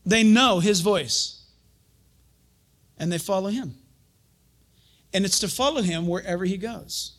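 A pastor and Bible teacher giving a sermon, telling stories in an animated way, chuckling often and acting out quotes. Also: male voice, high voice, a little slow, pauses often.

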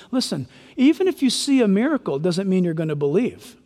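A man's voice: high voice, expressive, a little fast, hardly any pauses, a little mellow, in a large hall. A male pastor preaching a sermon, emphatic and full of rhetorical questions.

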